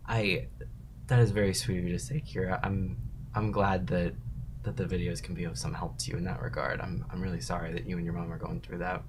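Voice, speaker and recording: A man's voice: sits low, little pitch movement, fairly quick, background noise. A young man hosting a casual livestream, reading chat messages aloud and answering them in a rambling, laid-back way, laughing often.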